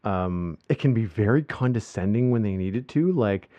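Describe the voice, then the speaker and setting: A man talks through a casual podcast chat in a lower-pitched voice, wandering from thought to thought and restarting his sentences often. The recording sounds dull and lo-fi, as if the highs were cut off. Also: expressive, normal speed, mellow, no room sound. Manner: rambling, with many restarts and fillers. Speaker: podcast host. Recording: muffled lo-fi podcast audio.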